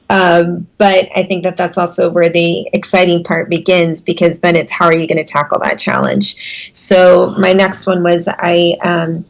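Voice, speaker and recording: A woman's voice: on the low side, expressive, measured pace, poor audio. Candid, laughing American woman guest. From United States. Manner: self-deprecating, laughs often. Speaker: interview guest. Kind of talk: candid conversational storytelling.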